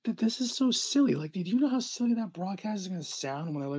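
A young man from New Jersey co-hosting a podcast, talking in a rambling, animated way with lots of fillers and laughter. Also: high voice, fast talker, husky. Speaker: podcast co-host. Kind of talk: casual podcast chat.

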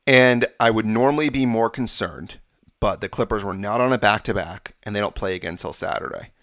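A man's voice: on the low side, brisk, a bit bright, no echo, clean studio sound. A man hosting a sports podcast, confidently breaking down games and stats in casual talk. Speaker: podcast host.

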